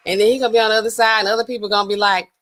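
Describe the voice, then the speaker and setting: A woman's voice: mid-range voice, racing, noisy background. A woman hosting a livestream, casually retelling a dating show with AAVE speech and acting out the people in it. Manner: animated, acts out dialogue with voices. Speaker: livestream host. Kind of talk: casual storytelling chat.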